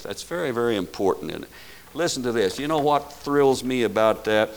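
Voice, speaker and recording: An older man delivers a sermon in an even, mid-pitched voice. He leans hard on key words, swelling louder and higher for emphasis, and keeps asking his listeners questions. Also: moderate pace, gravelly. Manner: emphatic preaching with rising, loud stresses and rhetorical questions. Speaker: pastor.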